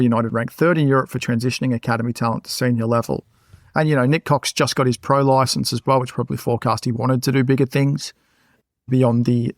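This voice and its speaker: A man co-hosting a football podcast, measured and steady, citing stats. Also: mid-range voice, no room sound, studio quality. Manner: measured, steady, cites figures. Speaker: podcast co-host. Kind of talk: casual football chat.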